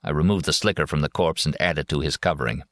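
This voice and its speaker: A man narrating a war memoir audiobook in a steady, measured first-person reading. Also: rumbling low, no echo, clean studio sound.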